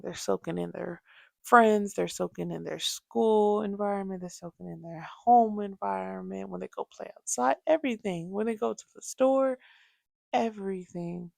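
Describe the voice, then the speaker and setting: A young adult woman hosting a casual podcast, telling parenting stories with lively asides. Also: mid-range voice, creaky, no echo, clean studio sound. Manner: animated storytelling, acts out quoted voices. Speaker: podcast host.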